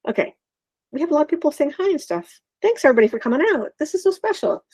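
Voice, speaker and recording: A woman's voice: high voice, lively intonation, rapid-fire, a little mellow, no room sound. A woman, an author hosting a livestream, chatting in a bubbly, enthusiastic, slightly scattered way. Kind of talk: casual live chat.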